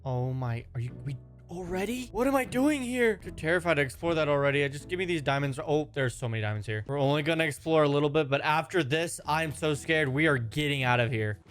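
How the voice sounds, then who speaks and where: A young man giving jokey, excitable commentary over his own game footage, with quick exclamations. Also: fairly high pitch. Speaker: gaming YouTuber. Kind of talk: Minecraft gameplay commentary. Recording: voice-over with music behind.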